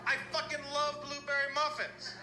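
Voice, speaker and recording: A man's voice: extremely high pitch, monotone, normal speed, loud music behind the voice. A man doing a stand-up routine on a club stage, telling stories and slipping into quoted voices of the people in them. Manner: storytelling, jumps into quoted voices. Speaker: stand-up comedian. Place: comedy club stage before a live audience. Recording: roomy club sound with crowd. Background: laughing audience.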